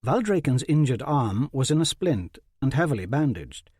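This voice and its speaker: A man narrating a fantasy audiobook in a measured, even way. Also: mid-range voice, breathy edge, no echo, clean studio sound.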